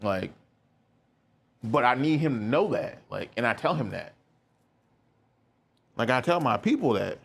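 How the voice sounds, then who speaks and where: A man's voice: mid-range voice, sing-song, measured pace, gravelly, long pauses, a bit bright, husky. A young man hosting a podcast, telling a personal story in a candid, rambling way with lots of filler words. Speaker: podcast host.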